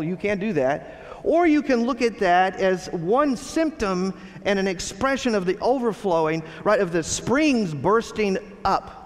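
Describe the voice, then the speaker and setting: A man's voice: sits high, in a large hall. A man preaching a sermon as pastor, earnest and addressing the congregation with rhetorical questions.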